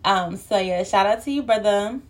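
Young woman podcast host, winded and breathy, loose playful chatter, lots of filler ums. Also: medium pitch, moderate pace. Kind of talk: casual solo podcast chat.

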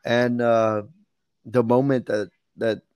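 A man's voice: mid-range voice, level tone, slow, a little mellow, clean tone, no echo. A man, a former Marine, rambling through a profane war story in casual chat, full of fillers and restarts. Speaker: Marine veteran telling stories.

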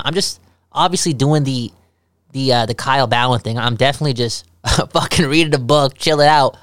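A man's voice: a little high, fairly bright tone, dry recording, studio quality. A man co-hosting a casual podcast, loose and jokey, who keeps repeating a catchphrase. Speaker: podcast co-host. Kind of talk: casual chat.

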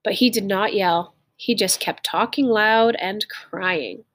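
A woman reading a simplified story aloud, pausing to explain harder phrases in plain words. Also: medium pitch, a bit bright, no echo.

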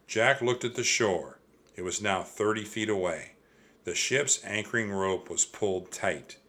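A man narrating a children's audiobook in a slow, measured way. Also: fairly low pitch, bright, forceful tone.

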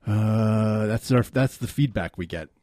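A man's voice: on the low side, unhurried, dark tone, no room sound, studio quality. A man co-hosting a radio show, trading wry, laid-back quips with his partner. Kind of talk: loose comedic radio banter.

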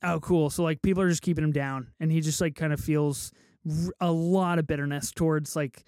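A man with a fairly high voice leads a casual podcast chat, moving the group through topics with a wry, teasing edge. His voice sits dry and close to the mic. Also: steady tone, fairly quick, mellow, no echo. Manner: steers the talk, wry and teasing. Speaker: podcast host.

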